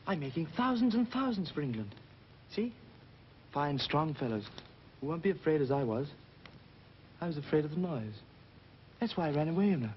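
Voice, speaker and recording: A man's voice: fairly high pitch, sing-song, moderate pace, pauses often, a little hiss or hum. Man, dazed, rambling, shell-shocked soldier, muffled old film soundtrack. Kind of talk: 1930s film acting.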